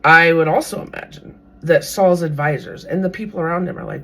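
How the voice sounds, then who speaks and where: A podcast host retelling a Bible story in a casual, animated way, now and then acting out what the characters might think. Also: medium pitch, brisk. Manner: animated, briefly acts out characters' thoughts.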